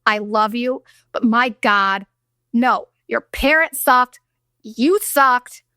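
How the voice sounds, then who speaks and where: Bright, blunt woman telling her story. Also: on the high side, slow pace, no echo, studio quality. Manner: blunt, profane, animated retelling with acted-out quotes. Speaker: podcast host. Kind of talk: candid storytelling monologue.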